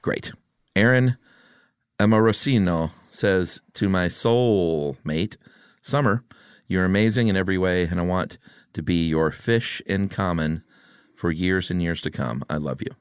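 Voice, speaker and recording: Deep-voiced male podcast host. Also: a little slow, clear, resonant tone, no room sound, clean studio sound. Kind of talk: casual chat, reading listener messages.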